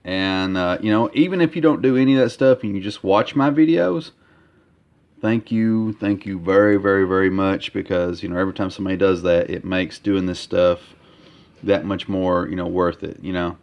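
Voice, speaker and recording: Man, low-ish voice, halting casual vlogger, muffled lo-fi audio. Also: darkish tone. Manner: halting, full of fillers and repeated words. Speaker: comic artist vlogger. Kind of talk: casual progress-update vlog.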